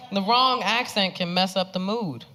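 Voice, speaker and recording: A woman in her thirties doing stand-up comedy, telling stories in a brash, punchy, animated way on a club stage. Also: mid-range voice. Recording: live club with noisy audience.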